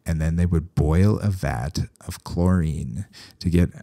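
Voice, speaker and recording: A man from Canada, a veterinarian hosting a solo podcast, talking casually with animated, sarcastic asides. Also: low-pitched, a little slow, creaky, no echo.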